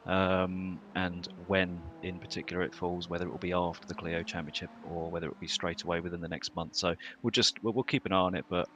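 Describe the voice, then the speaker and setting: A man, a racing driver, answering interview questions casually, halting with many restarts and fillers. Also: sits low, a bit bright, a little hiss or hum.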